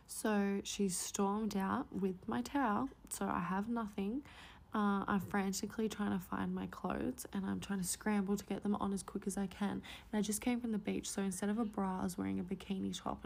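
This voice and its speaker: A woman telling a personal story in a chatty, animated way, full of "like" fillers. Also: medium pitch, gravelly, slight background noise. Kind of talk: storytime vlog.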